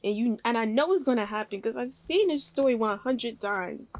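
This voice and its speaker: A woman's voice: fairly high pitch, animated, normal speed, hardly any pauses. A woman hosting a reaction video, talking in an emotional, slangy way. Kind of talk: casual reaction commentary.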